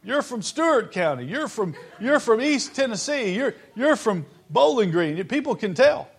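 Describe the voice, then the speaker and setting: A man's voice: extremely high pitch, very animated, moderate pace, breathy edge, pitched above the performer's own voice, full character voice. A man voicing a mocking male bystander who taunts a stranger, laughing as he speaks. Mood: teasing. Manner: teasing, laughing while speaking.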